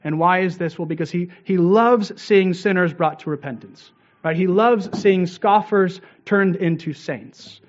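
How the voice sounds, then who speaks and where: A man preaching a sermon, earnest and steady, with frequent "uh" fillers and rhetorical "right?" checks to the congregation. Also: sits high, unhurried, dull audio. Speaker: pastor.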